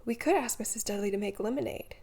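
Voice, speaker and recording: Woman reads idle playful young man, joking drawl, raspy grain. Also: mid-range voice, fast talker, warm tone, close to an everyday voice. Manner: lazy, joking.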